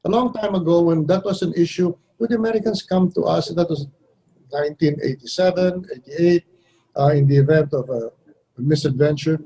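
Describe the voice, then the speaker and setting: A man from the Philippines answers interview questions bluntly and wryly, now and then acting out what others said. His voice is husky and mellow, a little high for a man. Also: brisk, poor audio. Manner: blunt, wry, acts out others' lines with shifts in voice. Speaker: foreign minister, guest.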